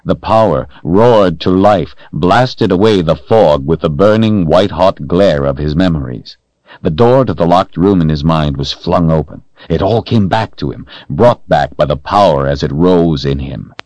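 A man narrating a fantasy novel in a slow, deliberate, dramatic way. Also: rumbling low, darkish tone, dry recording. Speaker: audiobook narrator.

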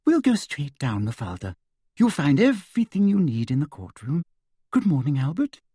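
A prim, cold middle-aged woman official, all false sweetness and fussy tut-tutting, put on by a male storyteller. Her voice sits high and swoops about. The audiobook sound is close and dry, with a slightly husky edge. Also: sing-song, normal speed, mellow, no room sound. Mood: sugary, prim.

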